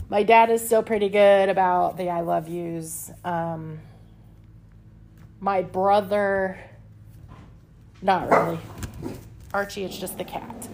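A woman talks openly about her past on her podcast, her voice carrying a gravelly fry. She speaks in a candid, confessional way at a middle pitch, with soft laughs slipping in. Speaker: podcast host. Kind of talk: personal self-help podcast talk. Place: home with pets nearby.

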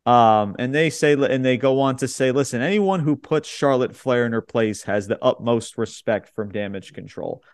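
A man's voice: medium pitch, normal speed, few pauses, clear, resonant tone, dry recording, clean studio sound. A man co-hosting a podcast, recapping a wrestling show in casual chat, blunt and swearing freely as he quotes the wrestlers. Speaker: podcast co-host.

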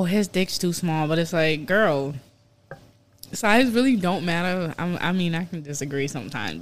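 A man's voice: sits high, a bit bright, clear, resonant tone. A man in casual podcast chat, talking earnestly and reflectively in slang.

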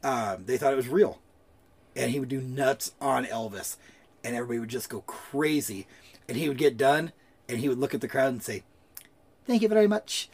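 A man's voice: mid-range voice, a little fast, husky. A man co-hosting a podcast, telling loose, jokey stories in casual chat and swearing freely. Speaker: podcast co-host.

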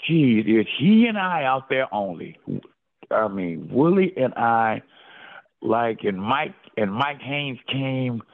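An older man with a gravelly voice spins an animated story, his pitch swinging up and down as he keeps calling the host by name. He speaks slowly, and the sound is thin and phone-like. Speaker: interview guest, former football player. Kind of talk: storytelling in a casual interview. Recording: phone-like, lo-fi line.

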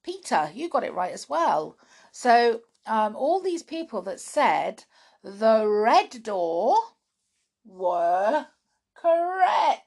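A British woman hosting a children's podcast, chatting playfully to young listeners about riddles and fun facts, often laughing. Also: a little high.

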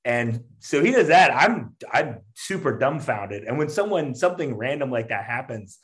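A stand-up comedian guest with a medium-pitched voice tells a story at normal speed in casual chat. He's an animated storyteller, full of fillers and restarts, laughing often and acting out what people said.

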